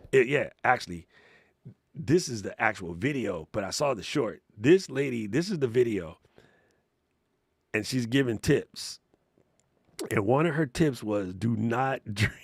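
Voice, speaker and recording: A man's voice: medium pitch, creaky, no room sound, studio quality. A man hosting a casual livestream Q&A, telling stories in a laid-back, slangy way and laughing often. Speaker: host answering live chat questions.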